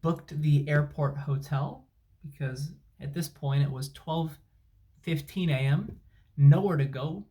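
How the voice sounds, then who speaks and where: A man's voice: on the high side, takes it slowly, dark tone. A man, a travel vlogger, telling an angry, sarcastic, emphatic story at home. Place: at home, indoors. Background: dryer and washing machine running.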